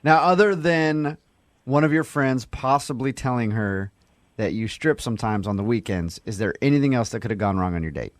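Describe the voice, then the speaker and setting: A man's voice: medium pitch, lively intonation, moderate pace, no echo. A man hosting a morning radio show, chatting casually and teasing his caller with frequent laughs.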